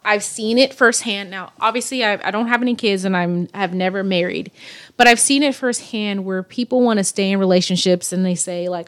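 A woman talks in a casual podcast chat, reflective and soft-spoken. She pauses to find her words, with a mid-range pitch. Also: smooth. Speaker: podcast co-host.

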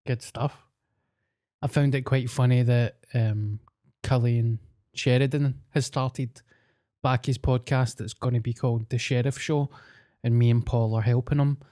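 A man's voice: mid-range voice, fairly even intonation, unhurried, warm tone. A Scottish man co-hosting a podcast, telling self-mocking stories in casual banter. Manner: jokey storyteller, self-mocking. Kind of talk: casual chat.

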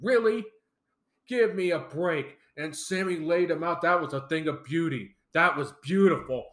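A man hosting a podcast, recapping wrestling in a casual, excitable style. Recorded in a roomy space. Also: fairly high pitch, normal speed. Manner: excitable, animated storyteller. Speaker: podcast host. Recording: roomy echo.

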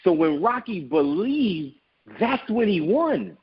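Husky man telling a motivational story. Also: high voice, big pitch swings, slow, dull audio. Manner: storytelling, emphatic and preachy. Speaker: guest, business owner. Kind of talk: motivational interview talk.

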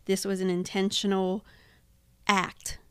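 A woman's voice: mid-range voice, little pitch movement, slow pace, a bit bright, clean tone, no room sound. A woman co-hosting a Bible study podcast, explaining the symbols plainly in homely words. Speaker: podcast co-host. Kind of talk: casual Bible study chat.

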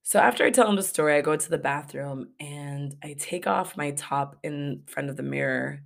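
A woman's voice: low-pitched, moderate pace, creaky. A young woman from Los Angeles hosting a podcast, telling a travel story in a candid, profane, casual way. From Los Angeles, USA. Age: young adult. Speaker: podcast host. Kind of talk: casual story-time monologue.

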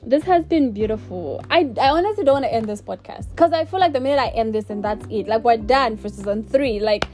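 A woman's voice: fairly high pitch, animated, fairly quick, few pauses. A young woman hosting her own podcast who talks emotionally and effusively, laughing to hold back tears as she thanks her listeners. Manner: warm and effusive, repeats thanks. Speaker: podcast host. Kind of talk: casual solo podcast outro.

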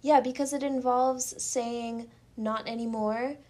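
A woman's voice: on the high side, steady tone, takes it slowly, a little mellow. Reflective woman telling a story in conversation. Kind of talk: casual conversation.

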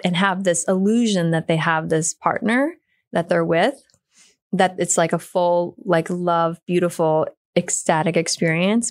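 Woman, middle-aged, low gravelly voice, dry close sound, animated storyteller. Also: dry recording. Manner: lively storyteller, acts out quoted voices. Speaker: podcast guest, yoga teacher and therapist. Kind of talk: storytelling in casual conversation.

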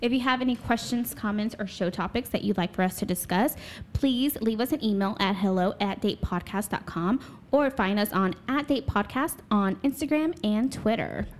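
A woman's voice: medium pitch, moderate pace, hardly any pauses, a little hiss or hum. A woman co-hosting a dating podcast, chatting in a playful, wry way. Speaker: podcast co-host. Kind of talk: casual podcast chat.

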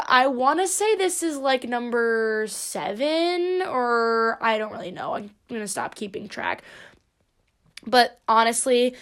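A woman's voice: a little high, lively intonation, takes it slowly, a bit bright, clean tone. A young woman hosting her own podcast, talking in a rambling, playful and profane way. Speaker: podcast host. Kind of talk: casual solo podcast monologue.

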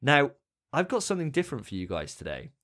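A man's voice: mid-range voice, wildly swooping pitch, quick pace, fairly bright tone. A British man hosting a casual podcast, chatty and self-mocking with the odd swear. His voice swings up and down a lot as he talks. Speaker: podcast host.

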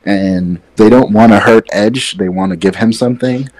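Man, low voice, rambling, opinionated, casual podcast chat, distant from his mic. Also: moderate pace, darkish tone. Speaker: podcast co-host. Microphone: far from his mic.

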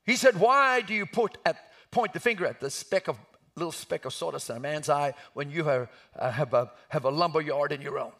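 Fiery high-voiced preacher. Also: male voice, animated, fairly quick. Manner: impassioned, shouting at climaxes. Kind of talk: sermon.

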